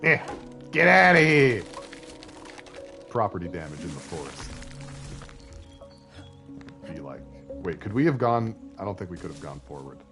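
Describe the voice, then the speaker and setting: A man's voice: low-pitched, animated, moderate pace, long pauses, a bit bright, faint music behind. Joking man streaming a game. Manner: joking, rambling asides to viewers. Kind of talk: casual gaming commentary.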